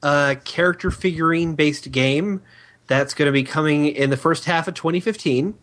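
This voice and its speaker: A man's voice: on the high side, normal speed, fairly bright tone. A man co-hosting a casual gaming chat, easygoing as he relays game news and chat comments. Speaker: podcast co-host.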